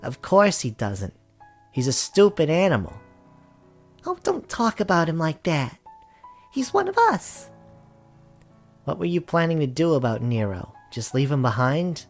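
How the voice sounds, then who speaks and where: A man's voice: a little high, sing-song, unhurried, gravelly, pauses often, soft background music, full character voice. A man voicing an earnest young man, heir to a crime family, recalling childhood in a visual novel reading. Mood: gruff. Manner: earnest storytelling.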